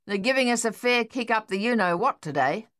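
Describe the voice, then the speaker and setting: A man's voice: high voice, expressive, a little fast, sharp tone, dry recording, studio quality, voice pushed up. A woman voicing a cheeky male soldier who jokes offhandedly. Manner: joking, offhand.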